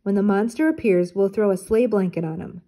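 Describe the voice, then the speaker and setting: A woman's voice: mid-range voice, brisk, natural voice. A woman reading as a confident young cartoon leader. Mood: steady. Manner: steady, explaining plans.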